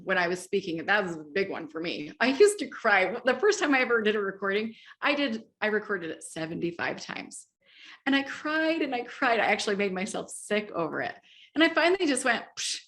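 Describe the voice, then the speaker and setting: A middle-aged woman speaking as an interview guest, animated and laughing often, acting out inner voices as she talks. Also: mid-range voice. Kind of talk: enthusiastic interview talk.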